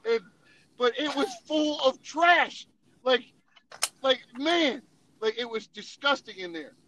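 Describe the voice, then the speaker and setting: A man's voice: very high-pitched, takes it slowly, sharp tone, slight background noise, rough recording. A man telling funny army stories in casual, profane storytelling, laughing and acting out voices as he goes. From Tennessee.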